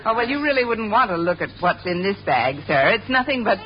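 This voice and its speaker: An actress playing a sarcastic, wisecracking woman schoolteacher in a 1950s radio sitcom, quick with quips and a little flustered. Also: medium pitch, sing-song, heavy background noise, lightly acted. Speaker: English teacher. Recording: dull old radio recording with studio audience laughing.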